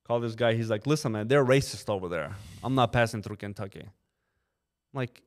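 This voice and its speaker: Fairly low-pitched and fairly quick, a trucking company co-owner shares lively anecdotes in casual podcast conversation. He performs his drivers' quotes and leans on "you know" often, all captured on a podcast mic.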